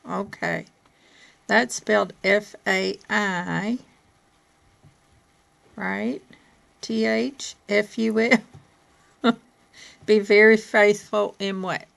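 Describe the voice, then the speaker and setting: This is a woman patiently working through a letter board, naming each letter and asking whether it's the right one. Her voice carries a gravelly, creaky texture. She talks at a very slow, deliberate pace, with a soft laugh slipping in now and then. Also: mid-range voice. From Kentucky.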